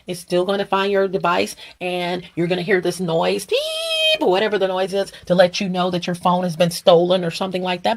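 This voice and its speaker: A woman vlogging to her viewers in a casual, rambling monologue, emphatic and repeating words in quick bursts, with her voice going lower and rough.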